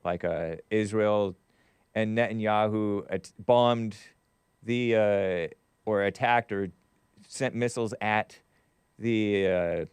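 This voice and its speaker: A man's voice: fairly low pitch, slow, clean tone, no echo. A man hosting a live talk stream, reading viewer chats with a wry tone and frequent laughs. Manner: wry, laughs often, trails off and restarts. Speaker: show host.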